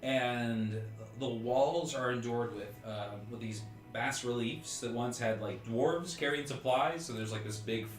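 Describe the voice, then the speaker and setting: A man's voice: mid-range voice, a little slow, echoey room, faint music behind. A man narrating as game master of a tabletop game, in a casual, rambling way full of fillers.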